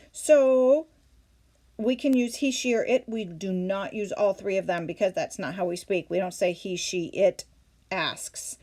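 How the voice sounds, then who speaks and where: A woman's voice: medium pitch, darkish tone. Woman teaching Latin step by step. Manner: patient, step-by-step, asks questions then answers them. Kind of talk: classroom lesson walkthrough.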